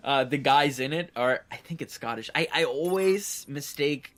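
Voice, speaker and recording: A let's play co-host chatting casually while playing, animated and laughing often. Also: mid-range voice, normal speed. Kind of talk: casual gameplay chat.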